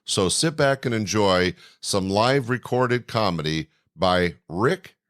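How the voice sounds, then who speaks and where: Man hosting a podcast, formal announcer-like sign-off, lowish voice, dry close mic. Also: lively intonation, slow pace, a bit bright, dry recording. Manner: formal, announcer-like address to listeners. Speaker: podcast host. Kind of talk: podcast outro.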